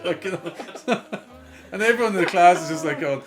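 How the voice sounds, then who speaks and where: A man's voice: sits high, normal speed, background noise. A young Irish man chatting casually on a podcast, telling crude school stories with lots of swearing and acting out the voices of the people in them. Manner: animated storytelling, crude, laughing, acts out voices. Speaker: podcast co-host. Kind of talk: casual chat.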